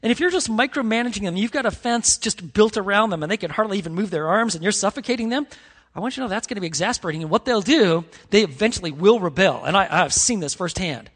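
A man delivers a sermon in an earnest, conversational way, often restarting his phrases. His voice sits high for a man. It rings with the long reverb of a church sanctuary. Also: expressive, fast talker, a bit bright. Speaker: pastor.

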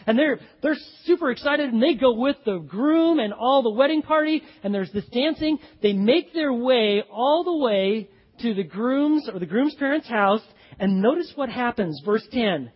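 A man preaching a sermon as pastor, animated and acting out the voices of the people in his story. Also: very high voice, normal speed, slightly rough. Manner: animated, acts out voices of characters. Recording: dull audio with long hall reverb.

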